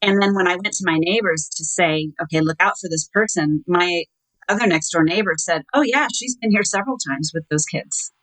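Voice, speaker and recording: A middle-aged woman tells her story at an even, measured pace. Her voice sits on the lower side for a woman, and she often pauses on small fillers before she acts out what was said. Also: poor audio. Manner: measured, recounting with quoted dialogue and hesitant fillers. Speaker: interview guest. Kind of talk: telling her own story in an interview.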